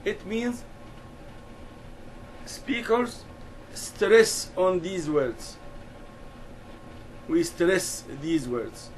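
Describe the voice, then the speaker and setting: A man teaching an English lesson, explaining slowly and deliberately and repeating key words. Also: sits high, big pitch swings, slight background noise, low-quality recording.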